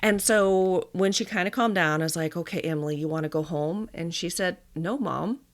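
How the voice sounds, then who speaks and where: A woman in her thirties, a dietitian and mother, hosting a podcast and retelling a family story in a chatty, animated way with little laughs. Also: lowish voice, moderate pace. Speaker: podcast host. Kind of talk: casual storytelling monologue.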